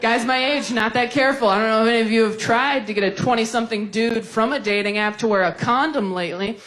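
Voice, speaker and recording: A woman's voice: on the high side, fast talker, fairly bright tone, poor audio. A woman doing wry, observational stand-up. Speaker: stand-up comedian. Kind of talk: stand-up routine.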